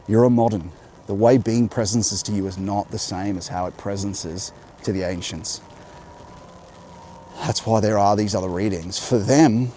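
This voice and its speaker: His mellow voice is on the low side, with a little hiss or hum in the recording. This man, a vlogger with a General Australian accent, walks near a road in the rain holding an umbrella, musing to viewers in a rambling, reflective way as he navigates, all shot on a handheld camera.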